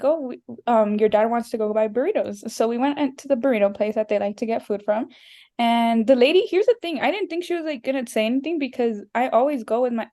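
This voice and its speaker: A woman's voice: a little high, mellow. A young woman hosting a podcast, telling stories in casual chat and laughing often. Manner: chatty storytelling, laughing often. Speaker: podcast host.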